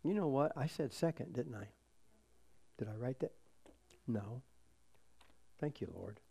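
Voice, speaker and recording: Unhurried preacher man, loud then hushed. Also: mid-range voice, expressive, gravelly, breathy edge. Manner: unhurried preaching, swinging from loud emphasis to quiet asides; reads scripture aloud and leads the congregation in prayer. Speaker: pastor. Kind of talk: sermon.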